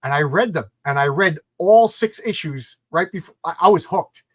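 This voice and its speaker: A man's voice: on the high side, lively intonation, normal speed, fairly bright tone, husky, no room sound. A man hosting a casual interview podcast, talking with enthusiasm and often repeating words as he starts sentences. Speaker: podcast host.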